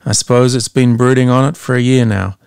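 A man voicing MacDunn, an old lighthouse keeper who speaks gravely and philosophically. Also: mid-range voice, steady tone, fairly quick, darkish tone, no echo, studio quality, natural voice. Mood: brooding.

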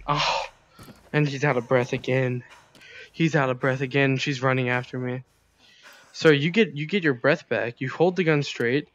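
A man's voice: mid-range voice, fairly even intonation, moderate pace, a bit bright. A man playing a zombie video game, narrating his moves and panicking aloud at the game. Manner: panicky, exclaiming, talks to the game. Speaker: gamer. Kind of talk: let's play commentary.

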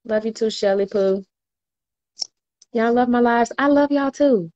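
A woman's voice: fairly high pitch, measured pace, a little mellow, highs cut off. A woman, chatting casually on a livestream and reading viewer comments aloud with slangy laughter. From New Orleans, US. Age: 20s. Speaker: livestream host.

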